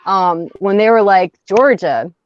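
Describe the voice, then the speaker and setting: A woman co-hosting a casual podcast chat, relaxed and frank, swearing now and then. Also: medium pitch, moderate pace, a little hiss or hum. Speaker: podcast co-host. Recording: slightly dull, dry sound.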